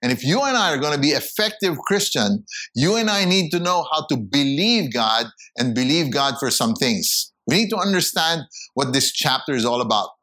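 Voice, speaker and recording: A man preaching a sermon, emphatic, his voice climbing high when he acts out the people in his stories. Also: animated, moderate pace, sharp tone. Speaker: pastor.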